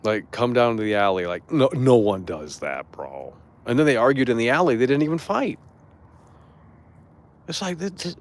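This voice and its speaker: A man's voice: medium pitch, gravelly. A young man streamer ranting to his chat in a rambling, profane, indignant way. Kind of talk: casual rant to chat.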